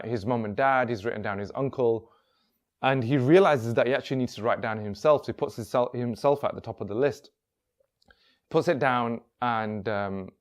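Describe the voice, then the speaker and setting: A man tells a story in a casual, rambling manner. He circles back on himself and leans on "he's like" to carry the events along. His voice sits at an ordinary middle pitch. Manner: rambling, full of "he's like" and restarts. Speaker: workshop speaker.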